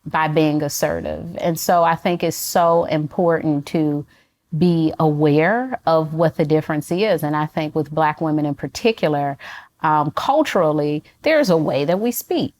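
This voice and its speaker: Female guest expert, deep voice, calm and clear explainer. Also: no echo. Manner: measured, clear, teacherly explanations. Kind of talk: calm explanatory interview talk.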